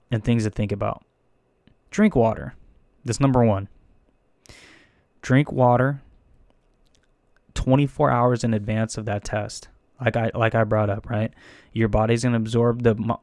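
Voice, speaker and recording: A young man telling a casual, profane story about taking a firefighter test, rambling and animated with frequent restarts. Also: medium pitch, clean tone, dry recording, studio quality. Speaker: firefighter candidate.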